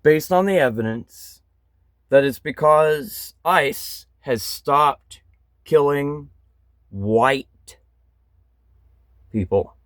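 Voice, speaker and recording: Slow-talking, angry man ranting. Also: a little high, fairly bright tone, no echo. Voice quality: blunt, frequent swearing, bitter. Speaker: vlogger. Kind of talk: angry political rant.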